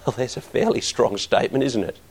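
Aussie guy preaching a sermon, middle-aged, gravelly voice, earnest, gets loud and punchy. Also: mid-range voice, a little fast. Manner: earnest, building to emphatic bursts.

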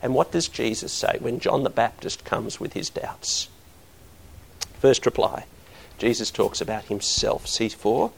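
Aussie guy preaching a sermon, middle-aged, gravelly voice, earnest, gets loud and punchy. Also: mid-range voice, lively intonation, unhurried. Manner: earnest, building to emphatic bursts.

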